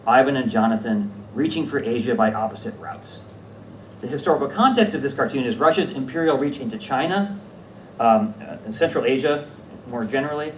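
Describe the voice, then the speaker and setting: A man giving a conference talk about slides, lively and self-correcting, often checking in with the audience. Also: medium pitch. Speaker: academic conference presenter. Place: lecture room at a conference. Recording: echoey room, distant mic, faint hiss.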